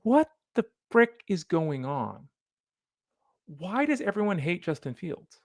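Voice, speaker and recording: A man hosting a solo fantasy football podcast, animated and opinionated, talking straight to the listener. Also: sits high, slow, no echo, studio quality. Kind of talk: solo sports podcast commentary.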